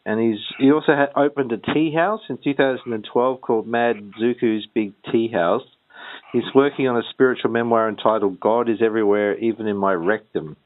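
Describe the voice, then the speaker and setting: A man's voice: medium pitch, fairly even intonation, fairly quick. A man co-hosting a comedy podcast, rambling and hesitant in casual chat. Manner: rambling, hesitant, full of ums. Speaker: podcast co-host. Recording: tinny phone-like line with faint noise.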